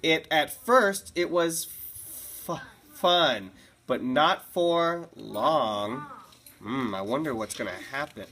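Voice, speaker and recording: A woman's voice: deep voice, expressive, slow, fairly bright tone. A woman teacher reading a picture book aloud to her class in a classroom, with chatty asides and easy laughs.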